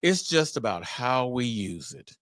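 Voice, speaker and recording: A middle-aged man hosting a solo podcast on fatherhood, talking in an animated, preacher-like way with exclamations. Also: mid-range voice, measured pace, no echo, studio quality. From Memphis area, US. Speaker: podcast host.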